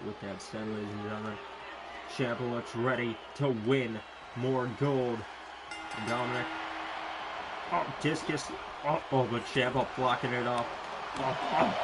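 A man doing amateur play-by-play commentary on a wrestling match, drawn-out calling broken by sudden excited shouts and swearing. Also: mid-range voice, very noisy. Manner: slow, drawn-out calling between bursts.

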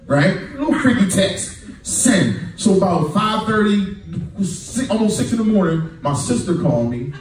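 A man with a high voice at normal speed performs stand-up in a comedy club, spinning stories with animation and playing his friends' voices. The echoey recording has a distant mic, a little hiss or hum, and crowd laughter.

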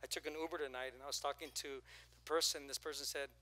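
A man preaching a sermon as pastor in a church, moving from hushed asides to loud, playful rising calls to the congregation. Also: on the high side, quick pace. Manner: animated, swings from hushed to shouting, playful.

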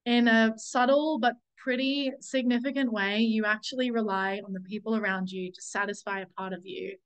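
Speaking at a moderate pace in a smooth, fairly high voice with a steady tone, a summit speaker shares a personal story on a group call despite poor audio. She's candid, searching and self-correcting with many "like"s, and occasionally swears as she recalls being angry.

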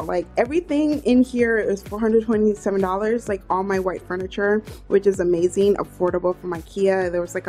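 Young woman rambling thru her room tour, kinda hoarse morning voice, says like a lot, quiet music in back. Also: mid-range voice. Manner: chatty, filler-heavy with frequent "like". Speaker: beauty vlogger. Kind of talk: casual room tour chat. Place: her bedroom, indoors.

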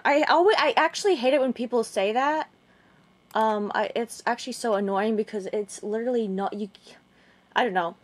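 A young woman vlogging casually about a chat exchange, rambling and halting with many restarts. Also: medium pitch, steady tone. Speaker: gaming video creator. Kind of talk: casual vlog recounting a chat.

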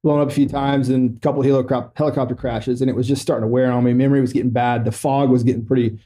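A middle-aged military veteran telling a personal story in a podcast interview, joking matter-of-factly about serious things, loose and halting with lots of fillers. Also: male voice, mid-range voice, little pitch movement, warm tone. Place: podcast studio.

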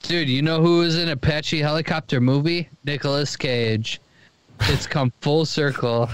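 A man's voice: on the high side, unhurried, clean tone, no room sound. A man co-hosting a podcast in casual chat, joking and riffing crudely. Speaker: podcast co-host.

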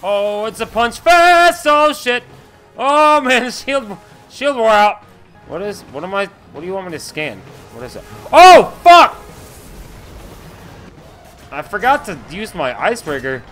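A young man narrates his game in a high, bright voice. He gets excitable fast, yelling and cursing at whatever attacks him. Faint game music plays under his talk. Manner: excitable, yelling and swearing at enemies. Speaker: gamer playing a shooter. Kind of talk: let's play commentary.

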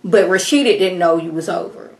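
A woman reviewing a reality show in a casual vlog, talking straight to her viewers in an animated way and mimicking the cast now and then. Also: fairly low pitch, brisk. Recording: roomy echo.

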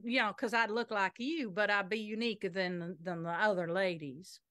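A woman's voice: medium pitch, moderate pace, a bit bright, no echo, studio quality, natural voice. A woman improvising a flustered small-town woman with a put-on drawl on stage. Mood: fretting. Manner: flustered, repeats herself. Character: fussy, fretting Southern small-town woman. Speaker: improv performer. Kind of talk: live improv comedy scene. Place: theater stage.

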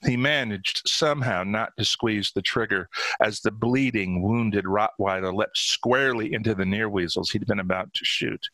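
A man reads his own short story aloud in steady, dramatic narration. His voice is low and forceful. The sound is close and dry. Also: no echo, rough recording. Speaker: author.

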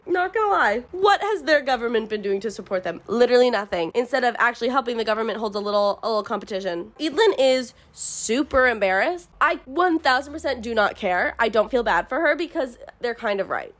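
A woman's voice: on the high side, animated, fairly quick, hardly any pauses, a bit bright. A young woman giving a sarcastic, profane comedic recap of a book and reading passages aloud. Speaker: book reviewer.

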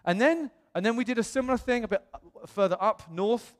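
In a church auditorium, a British pastor from England tells a story during his sermon, acting out the voices of the people he quotes. He speaks briskly in a very high voice with British English, and the sound carries the feel of a large hall.

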